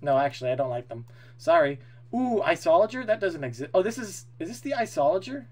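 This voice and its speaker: Hyped streamer guy talking to chat, pretty high voice, swears a lot. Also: fairly quick. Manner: excitable and opinionated, swears casually, talks to chat. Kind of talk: casual live-stream chat.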